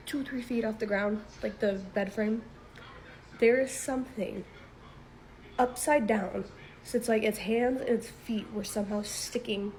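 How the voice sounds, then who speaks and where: A woman's voice: medium pitch, a little mellow, a little hiss or hum, rough recording. A young woman telling a personal scary story in a casual, chatty way, full of "like" fillers, nervous laughs and swearing.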